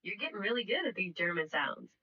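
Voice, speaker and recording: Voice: medium pitch, sing-song, fast talker, creaky, distant mic, highs cut off. A text-to-speech assistant voice coaching a player through pronunciation, cheerful, patient and encouraging. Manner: upbeat, encouraging, patient teacher. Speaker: AI voice assistant co-host. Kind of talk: language tutoring chat.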